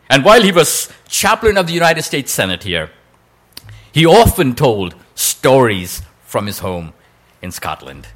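A man's voice: medium pitch, a bit bright. A male preacher telling a story in a sermon, with a dramatic delivery that draws out quoted lines.

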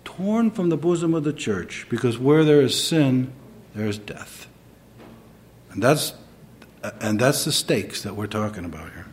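A man preaching a sermon, moving between quiet reflection and emphatic, rising delivery. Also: medium pitch, animated, a little slow. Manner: dynamic, swings between soft and emphatic.

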